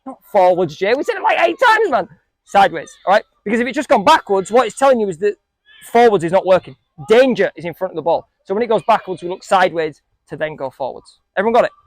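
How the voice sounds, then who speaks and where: A man's voice: high voice, lively intonation, fast talker, no room sound. A man coaching a group of young football players, asking them questions and joking with them. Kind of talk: coaching talk to a group of kids.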